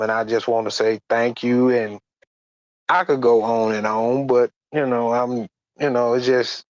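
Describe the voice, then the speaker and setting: A man giving a personal testimony in a halting, plain-spoken way, often repeating words and restarting. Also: medium pitch, no echo, lo-fi sound. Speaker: guest sharing a church testimony.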